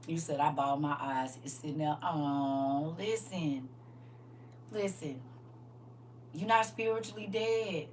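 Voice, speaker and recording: A woman's voice: deep voice, slow pace, pauses often. A woman preaching casually on a live stream, talking to viewers in a folksy, emphatic way and repeating "listen" and "y'all". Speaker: livestream preacher. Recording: slightly distant mic with faint hum.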